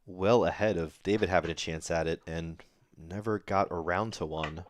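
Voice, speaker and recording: A man doing live darts commentary, getting excited on big throws. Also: deep voice, normal speed, noisy background. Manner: excitable, rises sharply on big moments.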